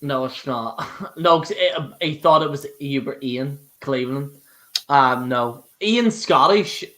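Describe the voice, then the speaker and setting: A man's voice: mid-range voice, fairly even intonation, a little slow, fairly bright tone. A young Irish man hosting a live stream, rambling casually and swearing, with frequent restarts. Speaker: host.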